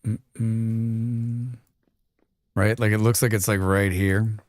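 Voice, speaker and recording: A man's voice: lowish voice, flat delivery, moderate pace, no room sound. A man streaming a survival game live, talking to himself in a casual, joking, grumbling way as he plays. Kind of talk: casual live gameplay commentary.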